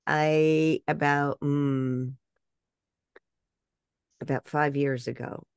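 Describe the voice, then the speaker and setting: Older woman with a gravelly voice, telling animated stories. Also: sits low, extremely slow, no echo, studio quality. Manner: animated storyteller, mimics voices, laughs often. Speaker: guest speaker and voice actress. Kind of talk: storytelling in a casual interview.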